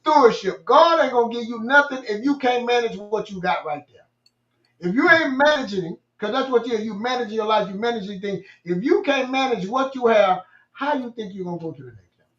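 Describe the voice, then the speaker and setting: A man's voice: extremely high pitch, animated, brisk, a bit bright, roomy sound, muffled recording. A man co-hosting a casual motivational faith talk, emphatic and preachy, telling stories with repeated phrases.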